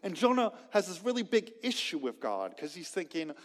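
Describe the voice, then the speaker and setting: A man preaching a sermon to a gathered congregation, emphatic, with sharp swings between loud and quiet. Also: very animated, brisk, hardly any pauses. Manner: emphatic, dramatic swings in loudness and pitch. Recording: long reverb of a large hall.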